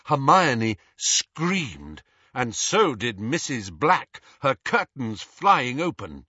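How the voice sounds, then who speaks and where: Slow, expressive male storybook narrator. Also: medium pitch, breathy edge, dry recording, highs cut off. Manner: measured, expressive. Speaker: audiobook narrator.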